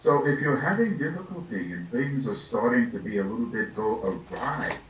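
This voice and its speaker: An older man, a Buddhist lama, giving an unhurried, reflective dharma talk, laughing softly and acting out little scenes as he teaches. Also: mid-range voice, animated, a little hiss or hum. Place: meditation hall. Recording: echoey room, distant mic, faint ambience.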